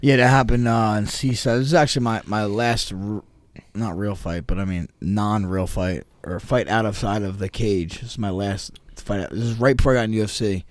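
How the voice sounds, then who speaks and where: A man's voice: fairly low pitch, steady tone, moderate pace, dry recording. A man, co-hosting a podcast and telling a story in casual, profane chat, acting out the quotes. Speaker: podcast co-host.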